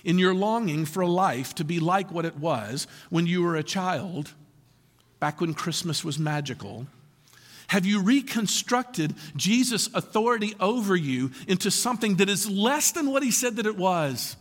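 A man preaching a sermon in a high, lively voice that climbs and dips a great deal. He talks to the congregation in a conversational way and keeps asking them questions. The sound rings with the long reverb of a church hall. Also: unhurried. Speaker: pastor.

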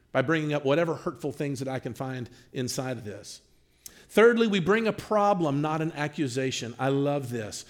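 Male pastor, teaching a class. Animated delivery, lively and on the high side. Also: moderate pace. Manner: animated, acts out quoted dialogue.

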